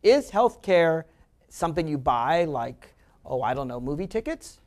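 A man's voice: fairly high pitch, sing-song, unhurried, a little mellow. A man hosting a political talk radio show, delivering an emphatic, argumentative monologue that mocks his opponents.

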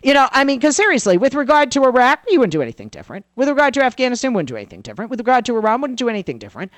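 A woman guesting on a talk-radio show, telling a story with big swings of pitch and acting out the voices of the people she quotes. Her voice sits in the middle of the female range. The sound is dry and close, with no room around it. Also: racing, no room sound. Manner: animated storyteller who acts out quoted dialogue. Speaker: political commentator, radio guest. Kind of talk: lively talk-radio commentary.

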